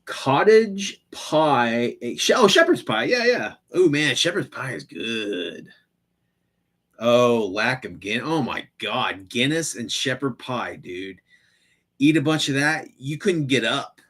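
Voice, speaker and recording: A man chatting on a live stream, swearing freely as he rambles. He stumbles through fillers and restarts, and his pitch swings up and down with lively energy. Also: slow pace. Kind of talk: casual live-stream chat.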